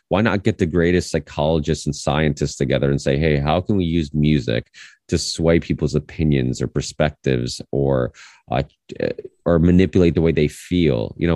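A podcast host with an extremely low, deep voice tells stories in a loose, rambling way, often restarting his sentences. He sounds close to the mic, with a dry, dead recording. He is a man in his thirties. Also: no room sound. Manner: rambling, animated storytelling with many restarts. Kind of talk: casual conversation.

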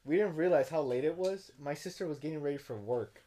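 A man's voice: on the high side, fairly quick. A young man telling a drunk story as a podcast co-host, rambling and profane with many restarts. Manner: rambling and profane, restarts a lot, gets loud when excited. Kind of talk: casual chat, storytelling.

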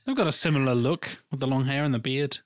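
A man's voice: medium pitch, fast talker, no echo. Dry-witted man, close dry sound. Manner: dry, wry remarks. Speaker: podcast co-host. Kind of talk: casual chat.

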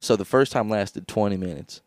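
A man's voice: on the low side, moderate pace, a little mellow. A young man co-hosting a podcast, telling crude stories in a loose, laughing casual chat. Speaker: podcast co-host.

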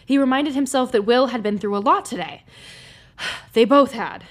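A woman's voice: sits high, normal speed. A woman co-hosting a podcast, giggly and effusive in casual chat and reading book narration aloud. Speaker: podcast co-host.

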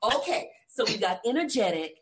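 A woman's voice: mid-range voice, sing-song, moderate pace, a little hiss or hum. A woman hosting a podcast interview, giving advice in a coaching tone with rhetorical questions. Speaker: podcast host. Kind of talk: casual interview chat.

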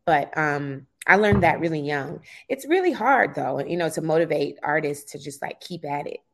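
A woman's voice: low voice, animated, moderate pace, vocal fry, a bit bright, a little hiss or hum. A woman guest in a casual interview, candid and blunt, laughing easily.

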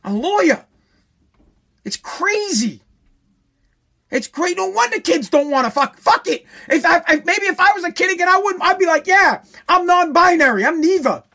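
A man's voice: very high voice, animated, normal speed, vocal fry, long pauses, bright, forceful tone. A man hosting a show, delivering a heated, profane opinion rant and repeating phrases for emphasis.

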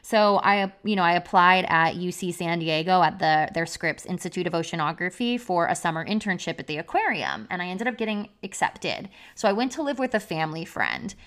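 A woman's voice: lowish voice, very animated, brisk, hardly any pauses, a bit bright. A young adult woman telling a personal story on a podcast, candid and confessional, with "like" as a constant filler. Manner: confessional, heavy use of "like" as filler. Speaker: podcast speaker.

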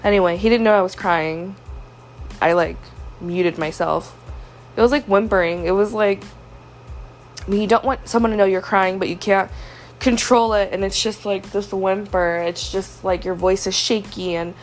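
A woman's voice: medium pitch, fairly even intonation, normal speed, faint music behind. A young woman hosting a podcast, confiding a personal story in a hurt, frustrated way. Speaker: podcast host. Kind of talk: personal venting monologue.

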